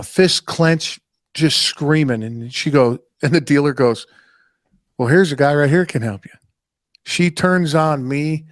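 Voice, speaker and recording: A man's voice: fairly high pitch, dry recording, clean studio sound. A man hosting a casual podcast chat, telling anecdotes and acting out what customers said in different voices, and swearing casually. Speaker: podcast host.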